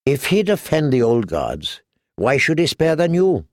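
Dry blunt sardonic lord, as a man reads it, gravelly tone, close and dry sound. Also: on the high side, wildly swooping pitch, unhurried, no echo, exaggerated voice.

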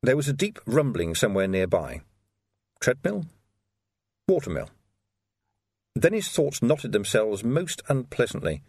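Man reading an audiobook, expressive, lively pitch, dry close sound. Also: normal speed, husky, no echo. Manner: expressive, acts out characters. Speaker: narrator. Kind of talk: scripted audiobook narration.

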